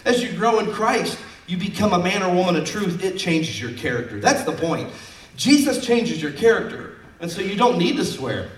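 A man's voice: high voice, sing-song, normal speed, reverberant, far from the mic. A man preaching a sermon as pastor, folksy and conversational, acting out quotes from his stories.

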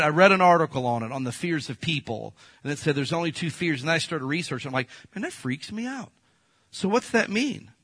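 Male pastor, folksy sermon delivery, dry close recording, slightly husky tone. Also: fairly high pitch, no echo. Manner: animated storytelling, acts out quoted voices; folksy, addresses the congregation as folks.

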